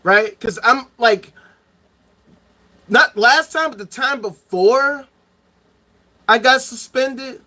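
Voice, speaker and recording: A man's voice: extremely high pitch, slow, pauses often, sharp tone. A man ranting angrily into the camera, profane and heated, hammering points home by repeating them. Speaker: vlogger. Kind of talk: angry ranting monologue.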